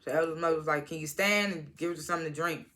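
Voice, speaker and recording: A woman's voice: deep voice, quick pace, a bit bright. A woman casually recapping a TV episode, retelling scenes by quoting each character in turn and laughing at them. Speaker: TV show reviewer.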